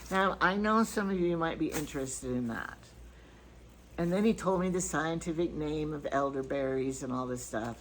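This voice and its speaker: A woman's voice: low-pitched, moderate pace, slight background noise, rough recording. An older grandmother chatting casually through a shopping haul, rambling from item to item with stories and asides. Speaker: vlogger.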